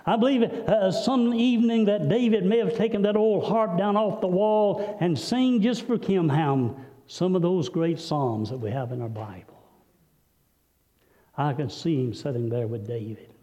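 A male preacher delivering a sermon, telling a story with dramatic swings between loud, high passages and hushed, low ones. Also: measured pace. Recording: dull, lo-fi recording with long hall reverb.

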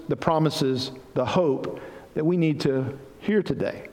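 A man's voice: a little high, measured pace, a little mellow. A man preaching a sermon as pastor, earnest and building to emphatic passages. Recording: reverberant hall.

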